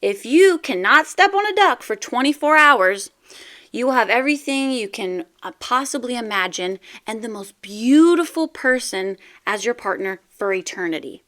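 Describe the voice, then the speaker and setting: A grand male God at heaven's gates proclaims his rules in a bright voice that runs a little high, as a woman puts him on while telling a joke. He lays down the terms with a ringing delivery. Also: expressive, moderate pace. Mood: proclaiming.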